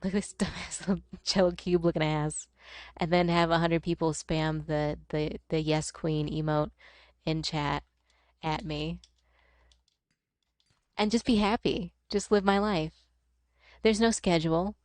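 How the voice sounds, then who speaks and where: A young woman streamer rambling through casual chat over a game. She swears freely and laughs often in a lowish voice. The sound is close and dry. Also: fairly even intonation, unhurried, pauses often, no echo. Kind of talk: casual chat while gaming.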